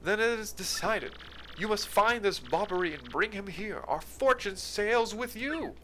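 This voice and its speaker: A grandiose male explorer with a fancy put-on accent, played by a man, strutting through every line. The tone is bright and forceful, and the pitch sits a little high. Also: animated, unhurried, a little hiss or hum, full character voice. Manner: pompous, grandiose.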